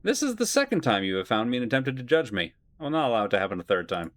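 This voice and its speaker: A man voicing a cold, calculating immortal man who speaks in measured, coldly final terms. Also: mid-range voice, sing-song, a bit bright, no echo. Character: cold calculating male immortal, past self.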